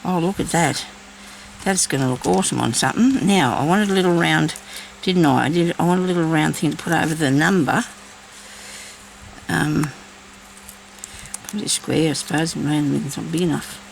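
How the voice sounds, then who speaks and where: A woman's voice: sits low, normal speed, creaky, slight background noise, poor audio. A woman chatting casually while she crafts, thinking aloud and talking to herself as she works. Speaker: crafting vlogger.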